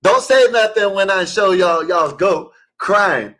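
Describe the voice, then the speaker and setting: Male caller, somewhat high voice, heated casual sports debate, emphatic and repetitive. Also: takes it slowly, fairly bright tone. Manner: emphatic, repetitive, scolding the listeners. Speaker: caller in an online open panel.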